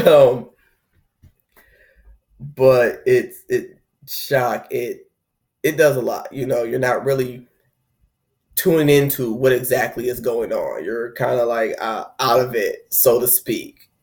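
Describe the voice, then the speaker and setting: A young man hosts a spiritual video about heartbreak, speaking loosely and conversationally as he acts out the inner voices of people going through it. His voice is medium in pitch, and he talks slowly with long pauses.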